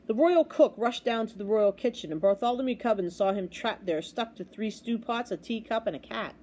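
Woman storyteller, dramatic read-aloud of a kids' book, mellow warm tone. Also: a little high, a little fast, slight background noise. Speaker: storybook reader.

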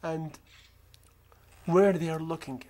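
A gamer with a non-native accent narrating a stealth game in a calm, coaching way, often dropping to a whisper. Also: mid-range voice, slow pace, slight background noise. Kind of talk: gameplay commentary.

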